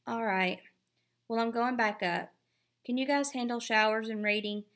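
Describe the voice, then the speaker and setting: A woman's voice: a little high, normal speed, fairly bright tone, pitched above the performer's own voice, lightly acted. A woman reading aloud, voicing a tired, worried mother who speaks weary and firm.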